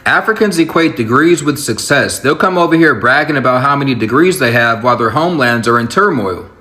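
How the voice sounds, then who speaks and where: A man's voice: mid-range voice, expressive, fairly quick, pushed and bright. A man delivering a dismissive, lecturing opinion monologue.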